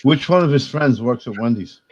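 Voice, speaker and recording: A man's voice: medium pitch, lively intonation, brisk, husky. A man on a livestream panel, giving blunt, practical advice in casual chat. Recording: dull lo-fi call audio.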